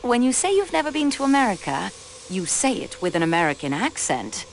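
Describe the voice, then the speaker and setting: The player's sleuth in this adventure game is a young railway clerk who interrogates politely but pointedly, peppering in French courtesies. Her lively, melodic mid-range voice runs a little fast, with a faint hiss beneath the rough recording.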